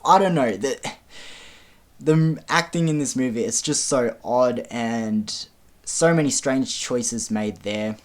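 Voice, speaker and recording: A man giving a casual film review, speaking frankly with frequent ums and casual swearing. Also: medium pitch.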